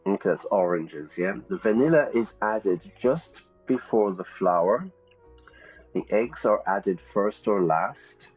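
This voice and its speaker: A man teaching English on a live stream, in a lowish voice, talking through a puzzle and explaining words in a lively way. The sound is a little dull, with faint background music. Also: husky. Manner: lively, explains aloud, thinks out loud. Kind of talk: live-stream lesson while playing a game.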